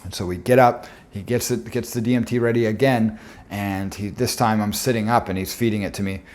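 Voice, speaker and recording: A man giving a presentation, telling a personal story in an earnest, reflective way with frequent filler pauses. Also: on the low side, fairly even intonation, darkish tone.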